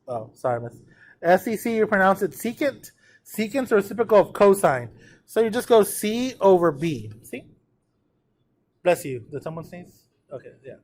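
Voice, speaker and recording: His voice high and very animated, the math teacher moves at a moderate pace through a trigonometry lesson. He repeatedly checks in with students and gets the class to echo terms aloud to drill pronunciation.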